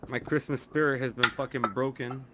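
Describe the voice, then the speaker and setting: A man's voice: mid-range voice, fairly even intonation, fairly quick, fairly bright tone, a little hiss or hum. A middle-aged man co-hosting a casual podcast chat, swearing a lot and ranting with frequent laughs. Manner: profane, ranting, laughs often. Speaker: podcast co-host.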